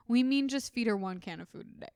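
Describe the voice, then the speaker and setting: A woman's voice: on the high side, animated, quick pace, warm tone, clean tone, no echo. A woman co-hosting a podcast, chatting casually and teasingly, often trailing off mid-sentence. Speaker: podcast co-host. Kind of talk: casual chat.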